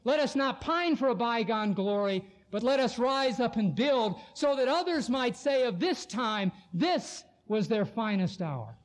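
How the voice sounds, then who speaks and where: High-voiced preacher man, impassioned. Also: animated, normal speed, few pauses. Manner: impassioned oratorical delivery. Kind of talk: sermon.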